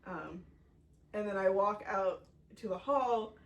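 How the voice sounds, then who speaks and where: A woman's voice: mid-range voice, slow, muffled recording. A woman co-hosting a podcast, telling a story in casual chat and filling it with "like.". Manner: chatty storytelling, full of "like". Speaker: podcast co-host. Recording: distant mic with faint background noise.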